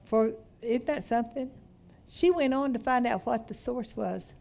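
A middle-aged woman reading aloud from a book during a women's Bible study comments freely, with frequent hallelujahs and laughter. Her gravelly, darkish voice is on the high side and moves at normal speed.

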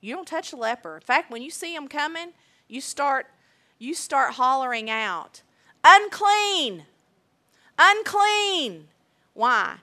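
A woman preaching a sermon, emphatic and deliberate, repeating key phrases. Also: sits high, pushed and bright.

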